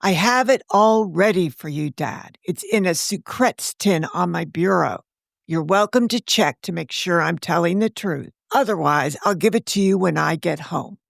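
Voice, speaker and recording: A woman's voice: on the low side, moderate pace, gravelly, no room sound, clean studio sound. A woman voicing a polite, earnest teenage girl babysitter who sounds eager and slightly pleading. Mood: anxious.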